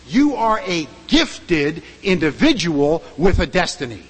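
A man's voice: on the high side, big pitch swings, measured pace, breathy edge, long reverb tail, poor audio. A male pastor preaching a sermon in a church, emphatic and full of rhetorical questions to the congregation.

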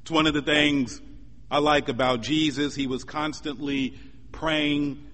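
A high-voiced man delivers a sermon at an unhurried pace. He preaches in a measured, emphatic way and builds his points through repetition. His voice rings out with the long reverb of a church hall. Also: steady tone, fairly bright tone. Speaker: pastor.

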